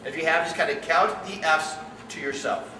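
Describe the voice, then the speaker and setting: A middle-aged man coaching, giving an animated story-driven talk to parents and questioning his audience. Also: a little high, normal speed. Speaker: youth sports coach. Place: room with an audience. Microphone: distant room mic. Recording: echoey room, distant mic, background noise.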